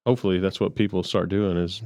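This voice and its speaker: A man's voice: deep voice, fairly even intonation, quick pace, darkish tone, dry recording. A man co-hosting a podcast, easygoing and agreeable in casual chat. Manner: easygoing, agreeable, frequent backchannels. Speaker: podcast co-host.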